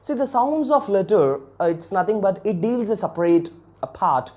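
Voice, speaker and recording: This English teacher and channel host has a high, mellow voice with big swings in pitch and a normal pace. His video lesson is formal and earnest, with key words repeated to stress them.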